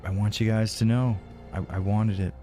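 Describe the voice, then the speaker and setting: Low-voiced guy streaming a game, cursing, voice going hoarse, music faint behind. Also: steady tone, moderate pace. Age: adult. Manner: frustrated, swearing, talking to chat; thanks donors. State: voice starting to go hoarse. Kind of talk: live gameplay stream chat.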